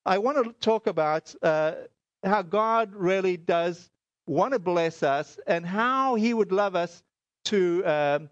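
A man's voice: high voice, takes it slowly, no echo, muffled recording. A middle-aged man from South Africa giving a spoken testimony sermon, telling his story with many fillers and acted-out dialogue. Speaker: speaker.

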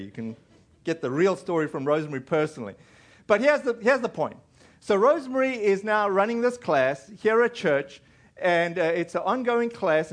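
A man with a high-pitched voice preaches a sermon in a church. He tells his story in a loose, rambling way, full of fillers and restarts. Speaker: pastor. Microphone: recorded in a church.

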